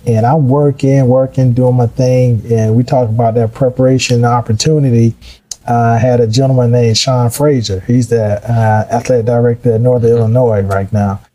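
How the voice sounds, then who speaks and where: A middle-aged man telling his career story in a casual, animated way, acting out the voices of people he quotes. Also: medium pitch, normal speed, low-quality recording. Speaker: guest.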